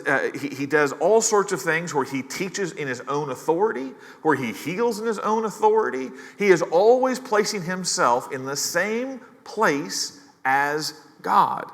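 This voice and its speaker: A male pastor preaches with a bright, forward tone, slipping in casual asides and repeating his key phrases. His voice sits a little high for a man. The sound rings with the long reverb of a church hall. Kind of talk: sermon.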